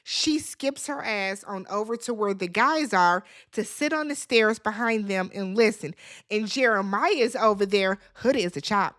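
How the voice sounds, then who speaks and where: A woman hosting a casual reality TV recap, talking in an animated, dramatic way with slangy asides. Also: mid-range voice, measured pace.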